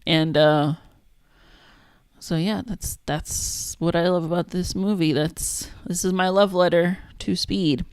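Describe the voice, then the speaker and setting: A woman casually chatting on a livestream as she makes a zine, thinking out loud and trailing off mid-sentence. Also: on the low side, fairly even intonation, slow, clear, resonant tone, no echo. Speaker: zine maker streaming her work. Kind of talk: casual livestream chat while working.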